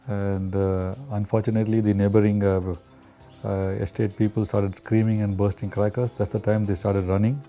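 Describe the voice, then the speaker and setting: A man recounting in an interview how elephants passed near him, hesitant and filling pauses. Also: lowish voice, little pitch movement, mellow, faint music behind.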